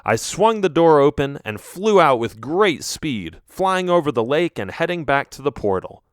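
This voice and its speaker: A man reading a children's ghost story aloud as an audiobook narrator, telling it in an expressive storytelling manner. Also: fairly high pitch, normal speed, dry recording, studio quality. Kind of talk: scripted narration.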